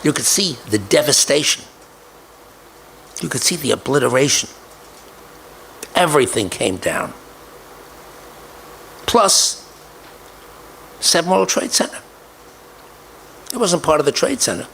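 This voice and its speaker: An older man recounting a personal story, deliberately repeating key details for emphasis. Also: a little high, sing-song, creaky, fairly bright tone, a little hiss or hum, rough recording. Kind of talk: storytelling speech.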